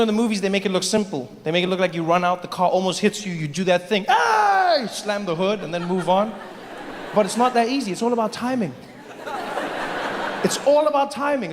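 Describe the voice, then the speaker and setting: A man from Africa doing animated, self-deprecating stand-up storytelling on a stage mic in front of a live audience. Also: high-pitched. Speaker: stand-up comedian. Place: large live venue with audience. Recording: echoey live venue with audience noise.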